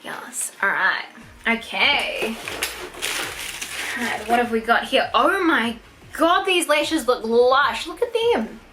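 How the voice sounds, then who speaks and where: A young New Zealand woman unboxing a gift box in a vlog, gushing and excitable, gasping and squealing over each item. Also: fairly high pitch, slow, long pauses, low-quality recording. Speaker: YouTuber.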